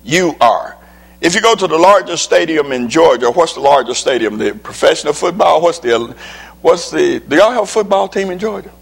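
A man's voice: on the high side, expressive, moderate pace, vocal fry, slightly rough. A man, a preacher and legislator, giving a motivational speech to an audience with slides, in an emphatic preaching cadence that repeats key lines.

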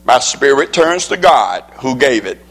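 A man's voice: mid-range voice, very animated, unhurried, fairly bright tone, husky. A man, a preacher and legislator, giving a motivational speech to an audience with slides, in an emphatic preaching cadence that repeats key lines.

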